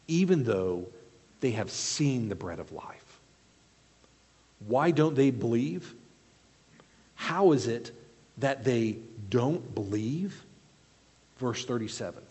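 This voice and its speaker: Brief: unhurried man preaching a sermon, very animated pitch, long hall reverb. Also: breathy edge. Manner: expressive, questioning, explains verse by verse.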